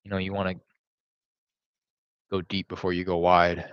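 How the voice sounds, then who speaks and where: A man's voice: sits low, monotone, normal speed, clean tone, no echo. A man making casual real estate cold calls from home while making lunch, talking in a laid-back, conversational way with lots of fillers. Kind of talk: casual livestream chat and phone calls. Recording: slightly dull, dry recording.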